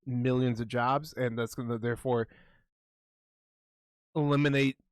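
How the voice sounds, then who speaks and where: A man's voice: mid-range voice, a little slow, clean tone, no room sound. Foul-mouthed man in casual chat. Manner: swears constantly, rambling and excitable. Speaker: podcast co-host.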